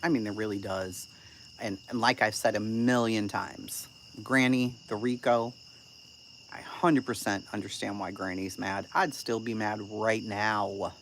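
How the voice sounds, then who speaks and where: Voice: medium pitch, steady tone, unhurried, a bit bright, a little hiss or hum. A channel host giving casual live-stream commentary and answering chat, blunt, profane and sarcastic.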